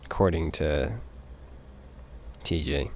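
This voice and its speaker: A man with a Utah accent chatting casually on a live stream, rambling and halting, with casual swearing. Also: extremely low pitch, darkish tone, slight background noise.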